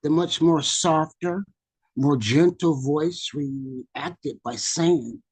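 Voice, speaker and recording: A male poet performs his verse in a slow, measured way, with pauses that give the lines weight. His voice has a husky grain, and the sound comes through a video call. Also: fairly high pitch, animated, a little mellow, low-quality recording. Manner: measured, dramatic delivery. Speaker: featured poet. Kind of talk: performance poetry reading.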